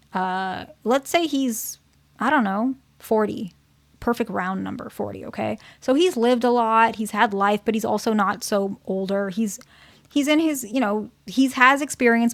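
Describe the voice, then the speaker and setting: A woman's voice: medium pitch, dry recording. Chatty woman therapist, dry sound. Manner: conversational, keeps checking in with "okay?" and "right?". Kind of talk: casual advice talk to her channel's viewers.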